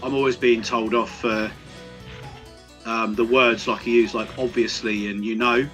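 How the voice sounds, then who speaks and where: A man's voice: mid-range voice, flat delivery, a little slow, fairly bright tone, soft background music. A man in casual chat, explaining retro console details hesitantly with frequent fillers. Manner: knowledgeable, hesitant with fillers, laughs often.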